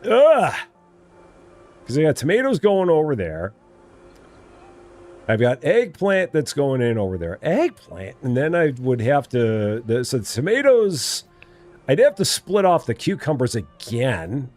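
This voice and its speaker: Male streamer, casual and playful, animated pitch, mid-range voice. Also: measured pace. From Illinois. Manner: playful, chatty, answers chat. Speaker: live-stream gamer host. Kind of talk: casual live-stream chat.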